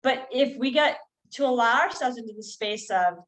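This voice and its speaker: A middle-aged woman guest on a podcast, talking in an earnest coaching tone and slowing down to stress key phrases. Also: fairly high pitch, a bit bright, rough recording. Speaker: guest healer. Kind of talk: conversational podcast interview.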